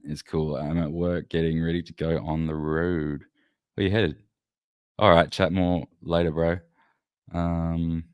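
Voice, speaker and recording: A man's voice: very deep voice, no room sound, studio quality. A man hosting a casual livestream, rambling loosely and swearing as he chats with his viewers. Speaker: livestream host.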